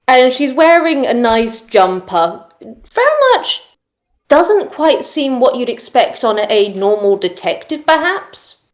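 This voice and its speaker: A woman narrating as game master in a tabletop game. Her voice sits fairly high, and she talks in a lively, descriptive way with amusement.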